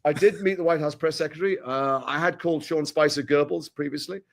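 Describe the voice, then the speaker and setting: A middle-aged man from Britain talks at a brisk, rapid clip as an interview guest. He sounds animated and chatty, tossing in quick asides between his stories. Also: on the high side, vocal fry. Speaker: actor guest. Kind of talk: casual interview chat.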